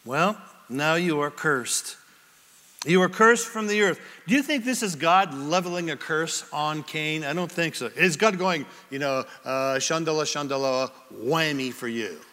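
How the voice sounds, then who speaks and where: A man preaching a sermon as pastor, with an animated, dramatic delivery and many questions put to the congregation. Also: a little high, a little slow, big-room sound. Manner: asks the congregation rhetorical questions.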